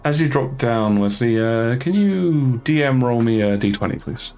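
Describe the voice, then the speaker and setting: A man's voice: medium pitch, expressive, moderate pace, a little mellow, faint music behind. A man narrating a tabletop game as game master, rambling and hesitant with many fillers.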